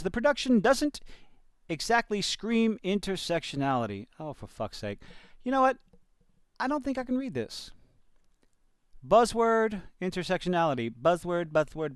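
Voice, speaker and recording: A man's voice: medium pitch, clean tone, no room sound, studio quality. A man with a Cajun accent doing sarcastic, exasperated reaction commentary while reading an article aloud, sighing and swearing as he goes. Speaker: commentary host.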